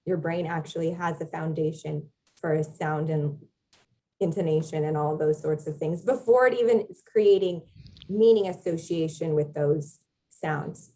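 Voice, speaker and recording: A woman's voice: low voice, moderate pace, dark tone, low-quality recording. A young adult woman, a Latin teacher, explaining at length as a podcast guest in a thoughtful way with frequent filler words. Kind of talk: casual conversational interview.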